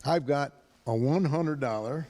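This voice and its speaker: A man from the area pitching his own car dealership in a loud, brash, excitable TV ad style. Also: unhurried. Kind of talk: hyped dealership TV ad.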